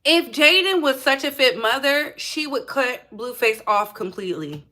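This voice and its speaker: Sassy high-voiced woman commentator. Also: animated, measured pace, bright, forceful tone. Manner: blunt, sassy, emphatic repeating. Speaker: commentary vlogger. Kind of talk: reaction commentary.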